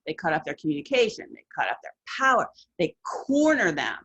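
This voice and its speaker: A woman's voice: low voice, wildly swooping pitch, fairly quick, a bit bright, breathy edge, muffled recording. A woman hosting a casual countdown of favorite horror films, chatty and enthusiastic with playful asides. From lived in New England. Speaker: horror film commentator. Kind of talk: casual film countdown commentary.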